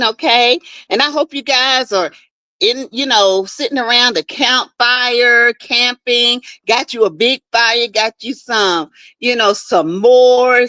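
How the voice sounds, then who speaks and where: A woman's voice: fairly high pitch, pushed and bright, no room sound. A woman hosting a casual livestream from her backyard shed, greeting viewers by name and gossiping freely. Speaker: livestream host. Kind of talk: casual live chat with viewers.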